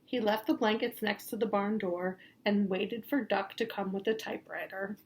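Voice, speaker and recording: A woman reading a picture book aloud to children in a gentle, playful way, pausing to point out the pictures. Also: mid-range voice, steady tone. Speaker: storybook reader for children.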